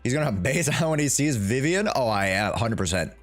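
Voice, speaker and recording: A young man hosting a live reaction stream, talking in a loose, slangy way and breaking into laughs. His pitch bounces around a lot. Faint music plays behind him. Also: expressive, fairly quick, few pauses. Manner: hyped, slangy, laughing often.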